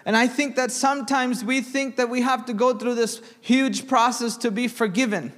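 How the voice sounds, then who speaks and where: Young guy preaching, reads scripture and asks the room questions, high voice, church reverb. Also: fairly even intonation, moderate pace, a bit bright. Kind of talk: sermon. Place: church sanctuary.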